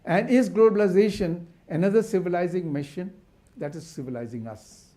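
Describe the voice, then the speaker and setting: Older man, keynote speaker, slightly high voice, warm mellow tone, rhetorical, hesitant restarts. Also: fairly quick. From India. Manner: rhetorical questions, passionate and searching. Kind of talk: symposium keynote address.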